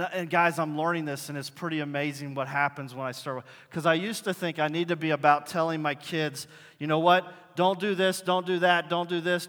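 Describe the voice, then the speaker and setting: Bright-voiced male pastor in a reverberant hall. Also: fairly high pitch. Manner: animated storytelling, acting out dialogue. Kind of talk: conversational sermon. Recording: long reverb in a large hall.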